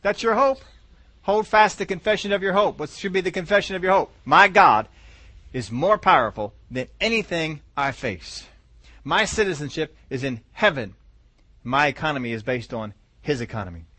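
High-voiced emphatic male preacher. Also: animated, normal speed, bright, forceful tone, no room sound. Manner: emphatic, repeats phrases, acts out quoted doubters. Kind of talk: sermon.

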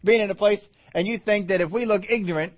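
A man delivers a sermon in a slightly high voice. He preaches with lively energy and keeps asking his listeners rhetorical questions. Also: fast. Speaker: pastor.

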